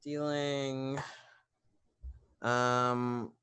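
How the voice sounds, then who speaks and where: Slow, casual tabletop player. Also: medium pitch, flat delivery, fairly bright tone, smooth. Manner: casual, reads out dice rolls. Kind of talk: tabletop game play.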